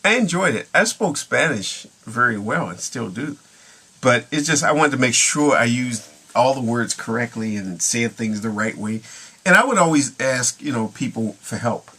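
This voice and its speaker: A man's voice: medium pitch, lively intonation, moderate pace, pushed and bright, breathy edge. A middle-aged man talking casually to camera in a rambling, chuckling way, now and then slipping into Spanish phrases. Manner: rambling, chuckling, drifts between English and Spanish. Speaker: vlogger.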